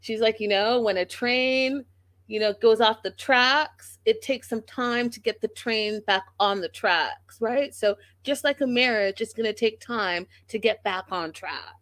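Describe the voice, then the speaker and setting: A woman's voice: a little high, a little slow, no echo. A woman hosting a reality TV recap show, talking casually and acting out what the cast said. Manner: animated, acts out quotes of the cast.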